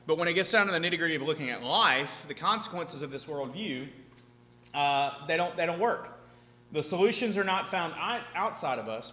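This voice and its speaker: A man speaking to a seminar audience in a large hall, animated and chatty, often checking in with "right?". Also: a little high. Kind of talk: lively seminar talk to an audience. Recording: echoey hall, faint hum.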